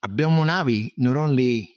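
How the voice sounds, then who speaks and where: A man in his seventies from Cuba, a businessman appearing as an interview guest, speaks in a mid-range, slightly mellow voice at normal speed with a Cuban Spanish accent, Spanish being his first language. His storytelling is rambling and repetitive, marked by emphatic "okay?" asides. The recording is dry and dull.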